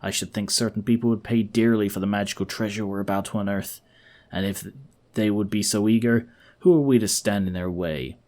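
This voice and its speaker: Guy doing a sly greedy treasure hunter, low hushed plotting voice, game npc. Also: fairly even intonation, brisk, close to an everyday voice. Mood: scheming. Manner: low, conspiratorial and smooth. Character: scheming greedy male dig partner.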